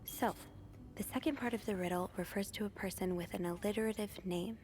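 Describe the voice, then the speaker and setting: A woman voicing a maid heroine in a mystery video game, speaking calmly and thoughtfully. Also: medium pitch, fairly quick, slight background noise, close to an everyday voice. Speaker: game protagonist, maid detective.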